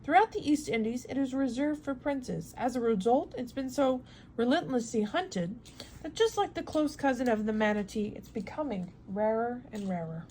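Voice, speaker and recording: A calm, commanding ship captain from a read-aloud storybook, put on by a woman reader. He speaks in a measured, assured way, in a fairly high voice. Faint hiss lies behind. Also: natural voice.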